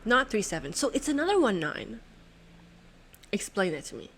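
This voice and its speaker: An excitable woman works through a puzzle out loud, talking to herself and her viewers. Her pitch swings up and down a lot, and she swears and laughs in disbelief. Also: normal speed, slight background noise. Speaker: host solving a sudoku puzzle. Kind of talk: thinking aloud while solving a puzzle.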